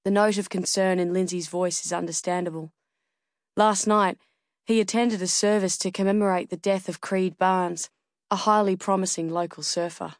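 Low-voiced woman audiobook narrator. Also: no echo, studio quality. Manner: measured, steady reading. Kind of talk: scripted first-person narration.

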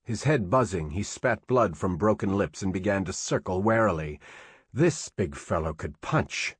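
A man with a low-pitched, slightly rough voice narrates an audiobook in a steady, measured way, and the recording has no echo.

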